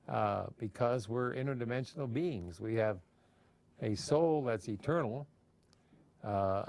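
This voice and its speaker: A man's voice: mid-range voice, a little mellow. A man talking casually as an interviewee, rambling with frequent fillers and restarts. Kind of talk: casual storytelling.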